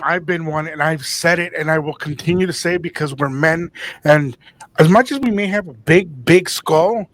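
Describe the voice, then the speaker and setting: A man's voice: fairly high pitch, a bit bright, dry recording. A man co-hosting a casual podcast conversation, joking and acting out both sides of everyday arguments.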